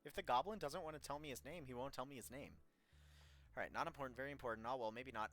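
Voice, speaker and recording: A man's voice: mid-range voice, fast, fairly bright tone. A man streaming a text adventure game, reading the story aloud and reacting playfully.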